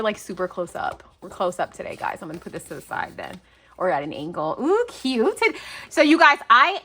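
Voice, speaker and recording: An excitable woman in her thirties chats through a craft mail unboxing, her pitch leaping all over as she gushes. Her voice is bright and bubbly, full of gasps and fillers. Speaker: crafting channel host. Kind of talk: casual unboxing chat. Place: home, near garage.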